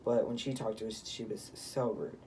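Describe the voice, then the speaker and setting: A man's voice: lowish voice, fairly even intonation, moderate pace, mellow, far from the mic, slight background noise. A teenage boy casually telling a story to camera, rambling, with many fillers and restarts. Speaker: vlogger.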